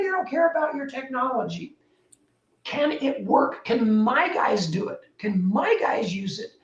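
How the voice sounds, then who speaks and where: A high-voiced woman speaks as an interview guest, animated and emphatic, her pitch leaping up and down as she makes her points. Her voice sounds roomy and set back from the mic. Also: unhurried, distant mic, muffled recording. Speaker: guest, building technology entrepreneur. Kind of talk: casual interview talk.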